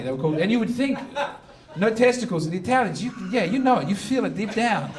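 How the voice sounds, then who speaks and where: A brash stand-up comedian with a very high male voice who delivers provocative material with mock earnestness. He is recorded from a distance in an echoey live venue, and a crowd laughs and reacts behind him.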